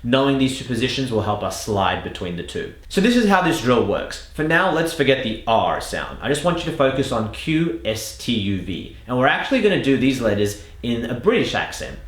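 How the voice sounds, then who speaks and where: A man's voice: medium pitch, sing-song, fairly quick, few pauses, echoey room. A man with an Australian accent coaching pronunciation, patiently explaining drills and stretching out key words for emphasis. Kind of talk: instructional lesson with spoken demonstrations.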